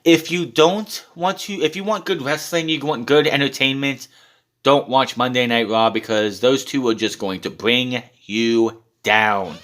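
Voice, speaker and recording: A man's voice: mid-range voice, measured pace, a bit bright. A man in the middle of his own voice range, talking through a wrestling show in a casual solo recap. He is blunt and sarcastic, and he swears freely.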